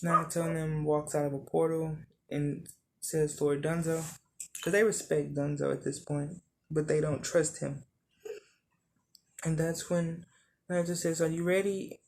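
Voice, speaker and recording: A narrator improvising a fan-made story, talking in a halting way with many ums and correcting details as they go. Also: medium pitch, little pitch movement, vocal fry, slight background noise.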